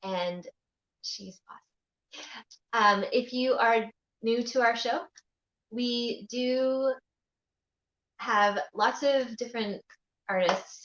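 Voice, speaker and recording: A woman's voice: medium pitch, roomy sound, lo-fi sound. A woman hosting an online music stream, introducing the show in an upbeat, chatty way. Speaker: host.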